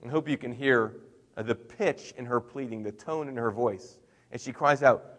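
Middle-aged pastor preaching conversationally. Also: male voice, mid-range voice, normal speed, in a large hall. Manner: conversational preaching with swings in loudness and emphasis. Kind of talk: sermon.

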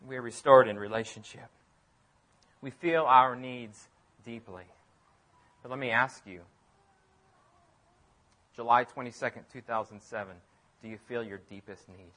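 A man preaching a sermon as pastor, emphatic, repeating phrases and swinging from loud declarations to near-quiet asides. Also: mid-range voice, measured pace, pauses often.

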